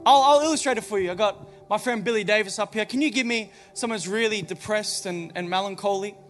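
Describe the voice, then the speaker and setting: High-voiced preaching man over soft keys. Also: fast, faint music behind. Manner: emphatic, preaching with rhetorical questions. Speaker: pastor. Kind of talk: sermon.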